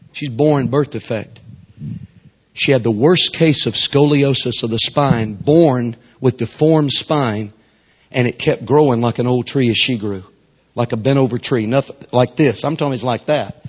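On a dull lo-fi recording, a Southern US man delivers an animated sermon built around storytelling, his folksy delivery sinking to a whisper and then rising loudly. His voice is husky and medium-pitched, at a moderate pace.

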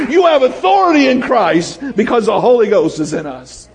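A man preaching a sermon as pastor, swinging from shouts down to hushed storytelling. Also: very high voice, lively intonation, normal speed, slight background noise. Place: church sanctuary. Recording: long hall reverb.

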